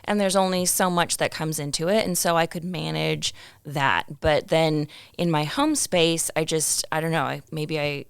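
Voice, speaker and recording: A woman in her thirties talks as a podcast guest. Her voice sits low and carries a gravelly fry, yet it stays smooth and resonant. The sound is close and dry. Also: steady tone, normal speed, dry recording. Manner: precise, corrects word use. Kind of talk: casual podcast chat.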